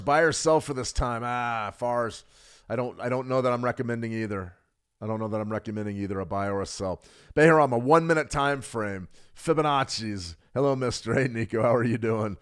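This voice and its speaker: A middle-aged man hosting a live trading stream, walking through charts quickly and joking with viewers in the chat. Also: on the low side, smooth. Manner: fast, animated, jokes with viewers. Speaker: trading show host. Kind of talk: live market analysis with chat replies.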